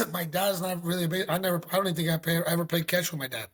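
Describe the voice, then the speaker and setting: A middle-aged man from Mexico, a former pro pitcher, telling stories in a casual interview, animated and acting out phone calls. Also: fast talker, a little hiss or hum. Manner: animated, acts out phone calls, says "you know" often.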